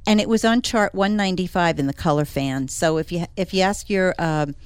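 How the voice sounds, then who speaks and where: Her voice sits on the low side, clear and resonant, and she moves along briskly with no room sound. She's an interior designer and a talk show regular, talking casually and enthusiastically in radio-chat fashion and laughing a lot.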